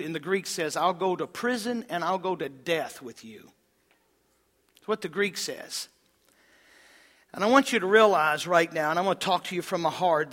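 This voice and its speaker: Bright-voiced impassioned preacher man. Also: big-room sound. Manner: impassioned preaching, swings from loud emphasis to hushed low tones. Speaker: pastor. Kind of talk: sermon.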